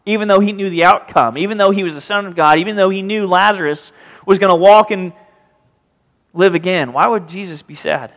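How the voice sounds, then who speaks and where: This pastor has a high voice and talks fairly quickly, preaching in a large hall. Lively and animated, he reads scripture aloud and voices the pleading people it describes.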